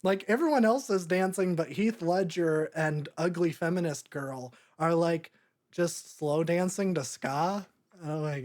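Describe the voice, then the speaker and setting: A podcast host chats casually about a movie, rambling along and often breaking into laughter. The voice is mid-range and darkish, with an unhurried pace.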